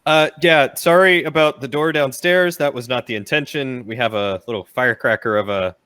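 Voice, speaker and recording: A man speaking as his character at a tabletop game, calm and firm. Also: medium pitch, moderate pace, clean tone, no echo, studio quality. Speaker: player.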